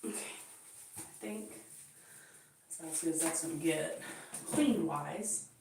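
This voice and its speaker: A woman with a low voice speaks a little slowly, chatting with live viewers on her channel while cleaning her home bathroom, laughing often and talking to her cat. The sound is echoey and hollow, she's far from the mic, and there's faint background noise.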